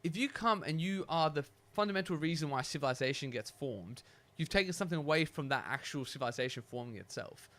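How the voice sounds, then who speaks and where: A man with a slightly raised pitch, chatting casually on a podcast. He muses aloud, asks questions and readily agrees with his co-host. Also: expressive, fast, few pauses, fairly bright tone. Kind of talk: casual chat.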